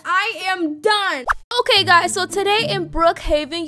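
A young woman hosting a gaming channel, chatting directly to viewers while narrating a roleplay. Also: very high-pitched.

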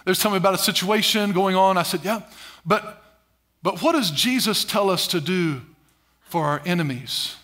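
A man's voice: high-pitched, brisk, fairly bright tone. A middle-aged male pastor preaching a sermon in church, calling for responses and repeating key phrases. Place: church sanctuary.

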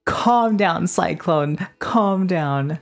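A woman with a deep, low voice streams a game live. She banters playfully with her chat and bursts into excited exclamations. Her talk is loose, quick and casual. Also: creaky, soft background music. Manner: excitable outbursts. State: just woke up. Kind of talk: casual live gaming commentary.

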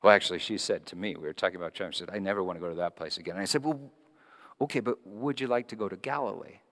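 A male pastor preaching a sermon, telling stories and moving between hushed, quiet passages and lively, raised ones. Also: sits low, very fast, long reverb tail. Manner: storytelling, shifting between hushed and animated.

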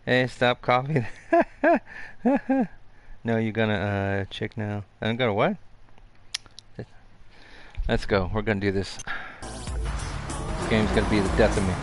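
A man streaming a video game, chatting excitably to himself and his viewers with mild cursing. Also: fairly low pitch, measured pace, long pauses, soft background music. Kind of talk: casual live gaming commentary.

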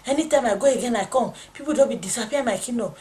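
A woman's voice: a little high, fast talker, warm tone, close to an everyday voice. A woman voicing Satan as a boastful, spiteful male figure who threatens and taunts. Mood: menacing boast.

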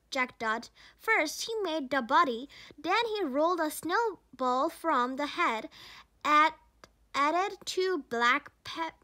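A woman's voice: sits high, sharp tone. A woman with a Korean accent, a native Korean speaker, reading a children's storybook aloud carefully, with small slips and restarts.

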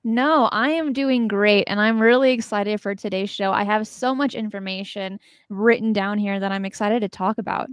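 A woman's voice: mid-range voice, moderate pace, hardly any pauses, smooth, no room sound, clean studio sound. A woman hosting a live talk show, upbeat and chatty as she greets viewers. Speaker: show host.

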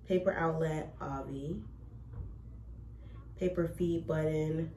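A woman's voice: sits low, steady tone, slow, mellow. A woman vlogging as she unboxes a label printer, emotional and close to tears, rambling with restarts and gushing thanks. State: teary, close to crying. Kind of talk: casual chat to camera. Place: cluttered home recording room. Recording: echoey room, distant mic, noisy.

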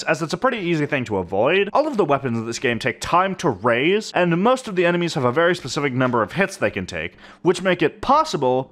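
A young man narrating his gameplay in a dry, wry commentary voice. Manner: dry, wry narration with lively shifts in pitch. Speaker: gaming YouTuber.

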